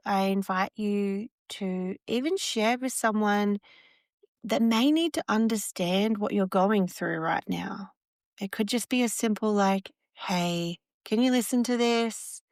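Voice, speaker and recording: A woman, hosting a podcast, gently guiding a breathing exercise and talking candidly about parenting. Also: mid-range voice, dry recording, studio quality. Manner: gentle, soothing and candid, with frequent restarts. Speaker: podcast host. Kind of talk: guided breathing and reflective parenting talk.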